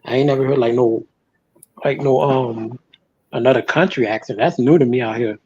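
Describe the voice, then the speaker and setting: A man's voice: medium pitch, normal speed, warm tone, breathy edge. A young man from Florida calling into a live stream, talking slangy and hesitant. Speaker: call-in guest on a live stream. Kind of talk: casual chat. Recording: dull lo-fi call audio.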